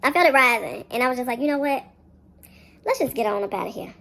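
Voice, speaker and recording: A woman tells a storytime straight to her viewers in a loose, slangy way. Her pitch leaps high whenever she acts out the people in her story, and she talks quickly when she gets worked up. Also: animated, creaky, a bit bright. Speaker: storyteller vlogger. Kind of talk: casual storytime monologue.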